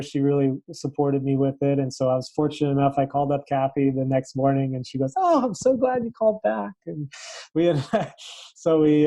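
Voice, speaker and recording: A young adult man, a tennis coach, telling a story in a casual interview and acting out the dialogue with animated switches of voice. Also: mid-range voice, dry recording, low-quality recording. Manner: animated, acts out quoted dialogue. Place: Los Angeles area.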